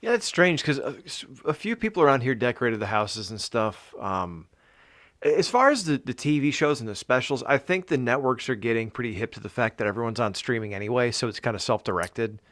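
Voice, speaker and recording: A man co-hosting a podcast in a relaxed, conversational chat. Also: mid-range voice, a little fast, no room sound, studio quality. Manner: relaxed, conversational, laid-back. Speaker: podcast co-host.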